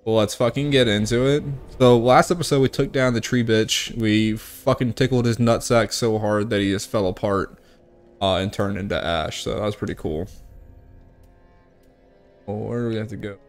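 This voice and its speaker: A man's voice: fairly low pitch, fairly even intonation, moderate pace, faint music behind. A young man giving casual, profane gameplay commentary, joking and tipsy from whiskey, with sudden outbursts at the game. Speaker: gaming streamer.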